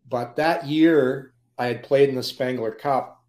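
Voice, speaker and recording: A man, a former pro hockey player, telling lively anecdotes as a podcast guest and often laughing mid-story. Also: mid-range voice, a little slow. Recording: roomy echo.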